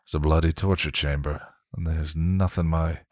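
Raspy sardonic male vampire, deep and grousing, a man reading the part. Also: steady tone, normal speed, a little mellow, no echo, clean studio sound. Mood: grumbling. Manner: grousing, sarcastic.

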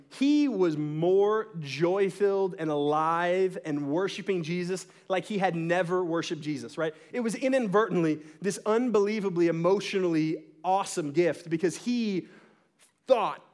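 A man with a high voice preaching a sermon as a pastor. He tells a story with lively energy, keeps checking in with "right?", and breaks into laughter along the way. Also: moderate pace. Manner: animated storyteller, asks "right?" often, laughs mid-story.

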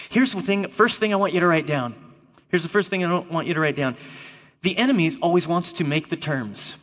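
Bright-voiced man preaching a lively sermon. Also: fairly high pitch, fairly quick. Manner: playful, jokes with volunteers, emphatic. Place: church hall before a congregation. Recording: long reverb of a large hall.

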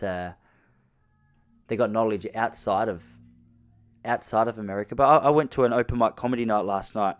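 A man's voice: lowish voice, clear, resonant tone. Aussie guy vlogging, chatty wry stories, lots of quoting people. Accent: Australian. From Australia. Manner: chatty, wry, many restarts and quoted voices. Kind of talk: casual comic storytelling.

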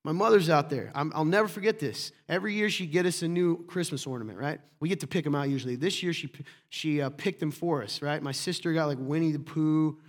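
A middle-aged man preaching a sermon as a pastor, passionate and emphatic, often rising into loud bursts. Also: fairly high pitch, fast, hardly any pauses.

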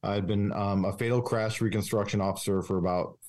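A man with a somewhat low voice speaks as a guest in a candid interview. His delivery is earnest and confessional. He halts often, restarting phrases and leaning on fillers. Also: fairly even intonation, darkish tone. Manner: halting, with many restarts and fillers. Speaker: police officer, podcast guest.

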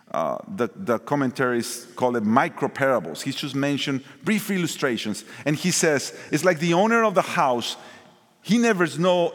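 Lively preacher. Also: male voice, fairly high pitch. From Mexico. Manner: lively, swings from loud emphasis to quiet asides. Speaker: pastor. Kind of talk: sermon. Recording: long hall reverb.

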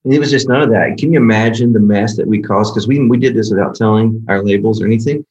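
A man who is a worship singer-songwriter, guest on a podcast, telling a story in a casual, animated way and acting out the people in it. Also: lowish voice, quick pace, lo-fi sound. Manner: animated, acts out quoted dialogue. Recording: roomy echo.

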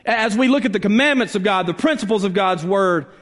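A pastor delivers his sermon, pressing hard on key words and then sinking almost to a whisper. His voice sits high for a man. It carries with a long reverb through a church sanctuary. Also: expressive, brisk. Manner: preaching with dramatic drops to a hush and rising emphasis.

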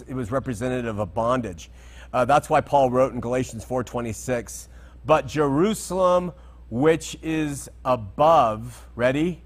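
A man giving an unscripted Bible teaching talk, conversational and digressive, checking that listeners follow. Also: on the high side.

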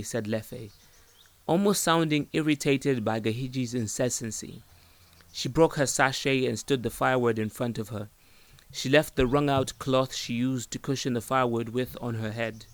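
A man narrating a story in a calm, even storytelling manner. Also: medium pitch, normal speed, no room sound.

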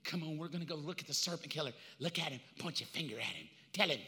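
A man voicing Eve as a doting mother who croons softly and half-whispers, heard with long hall reverb. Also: a little high, animated, fast, pitched below the performer's own voice. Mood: urging.

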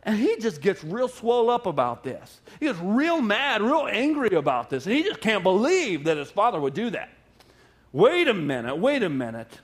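A male pastor preaching a sermon, retelling a parable with animated, repetitive emphasis. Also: high-pitched, normal speed.

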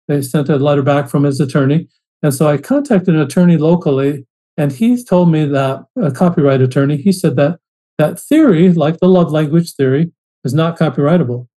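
A man's voice: fairly high pitch, fairly quick, mellow, rough recording. A man as a podcast guest, telling his story earnestly in a casual interview, often restarting phrases.

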